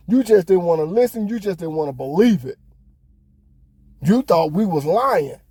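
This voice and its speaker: A man's voice: high-pitched, animated, moderate pace, long pauses, warm tone, breathy edge, no echo. Fired-up ranting man, dry close sound. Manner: heated, ranting, swears often. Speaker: podcast host. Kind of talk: casual opinion monologue.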